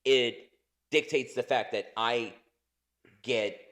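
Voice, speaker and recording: A man's voice: medium pitch, slow, fairly bright tone. A man in his thirties co-hosting a podcast in casual chat, rambling, swearing a lot and laughing often. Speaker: podcast co-host.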